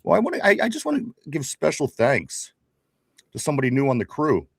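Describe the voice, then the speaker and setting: A man's voice: medium pitch, wildly swooping pitch, a little fast, creaky, dry recording, clean studio sound. A man in his forties co-hosting a casual sports talk show with a Pittsburgh accent, rambling, repeating his greetings and laughing often. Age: 40s. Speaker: podcast co-host.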